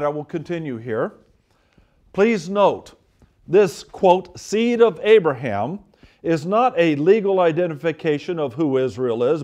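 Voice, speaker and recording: A male preacher with a slightly raised pitch, delivering a sermon. He reads scripture and quotations aloud, then repeats and hammers his points with emphatic stress. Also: a little mellow.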